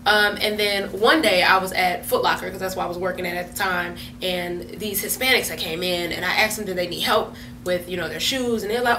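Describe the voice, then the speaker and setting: A woman comedian is a guest in an interview, chatty and laughing as she tells animated stories. Her voice is bright. The room sounds echoey and the mic is at a distance, with a faint hum. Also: lowish voice, a little fast.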